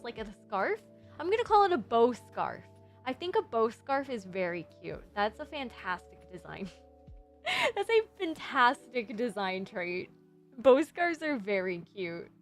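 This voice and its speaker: A woman's voice: a little high, sing-song, a little slow, faint music behind. A young adult woman streaming casually as a VTuber, rambling and giggling while reviewing designs. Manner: rambling, giggly, self-deprecating. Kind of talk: casual livestream chat.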